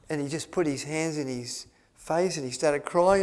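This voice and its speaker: A man's voice: a little high, normal speed, hardly any pauses, a little mellow. A man telling a story to an audience, rambling with many restarts and fillers. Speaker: speaker at a health retreat.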